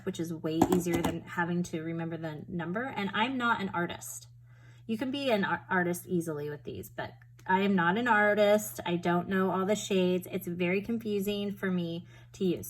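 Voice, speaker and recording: A woman's voice: medium pitch, poor audio. A woman chatting and rambling through a papercraft tutorial at home, joking at her own expense as she works. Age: adult with a school-age daughter. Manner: chatty, rambling, self-deprecating. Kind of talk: casual crafting demonstration.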